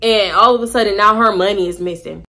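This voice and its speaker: A young woman telling an animated, candid storytime vlog, slangy and profane. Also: mid-range voice, fast talker. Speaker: vlogger.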